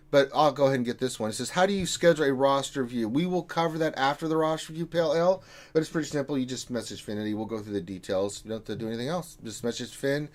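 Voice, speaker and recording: A man hosting a casual gaming livestream, reading out viewer messages with jokey asides. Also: medium pitch. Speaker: stream host reading chat.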